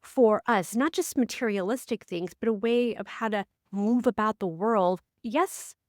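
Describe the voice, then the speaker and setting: A woman co-hosting a podcast in a casual, talkative way, with a middle-range voice. She tells stories animatedly and jumps up high when she acts out quotes. The sound is dry and close. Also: measured pace, no room sound. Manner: animated storyteller, acts out quotes with big pitch swings. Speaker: podcast co-host and life coach.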